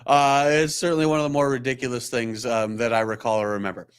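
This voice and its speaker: A man's voice: mid-range voice, little pitch movement, fast, smooth. A man, a chiropractor hosting a live show, telling a rambling, self-deprecating story in casual chat. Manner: rambling, self-deprecating, acts out quoted voices.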